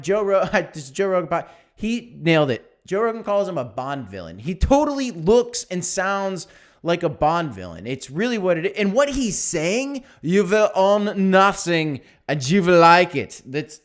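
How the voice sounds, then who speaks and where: A man hosting a casual livestream, talking in an animated, emphatic way that repeats phrases. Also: high voice. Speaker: livestream host.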